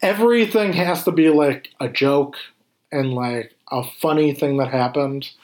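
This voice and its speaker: A man in casual chat, animated and swearing freely as he acts out scenes. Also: fairly high pitch, unhurried.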